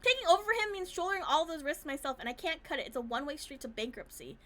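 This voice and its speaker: A woman's voice: sits high, animated, racing, fairly bright tone. A woman voicing an arrogant, spoiled young heir who talks down to everyone. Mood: bitter. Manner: haughty, smug, condescending.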